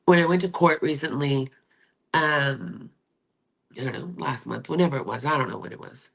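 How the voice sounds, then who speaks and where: A woman with a low, husky voice hosts a candid livestream, speaking straight to her viewers. Her delivery is emotional and confiding, with a gravelly edge. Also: moderate pace. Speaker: livestream host. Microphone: streaming setup.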